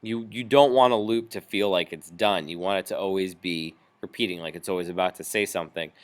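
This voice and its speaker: A man teaching a music software tutorial, explaining each step patiently with frequent ums. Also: low-pitched, fairly quick. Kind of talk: screen-recorded software tutorial.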